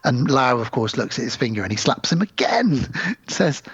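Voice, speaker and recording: A man's voice: medium pitch, normal speed, gravelly, breathy edge, dry recording, lo-fi sound. A man co-hosting a podcast, casually retelling film scenes and acting out the lines. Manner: animated storyteller acting out lines. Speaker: podcast co-host.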